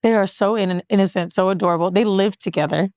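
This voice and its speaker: A woman co-hosting a podcast, telling a long story in casual, profane chat with lively voiced quotes. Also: medium pitch, quick pace, no room sound, clean studio sound. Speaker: podcast co-host.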